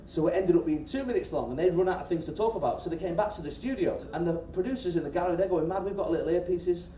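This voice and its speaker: A middle-aged man, a stand-up comedian telling a story on stage to a live audience in a chatty, animated way, swearing freely and often checking in with the crowd. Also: sits high, rapid-fire. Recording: roomy live-venue recording from a distance. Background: audience laughter and crowd noise.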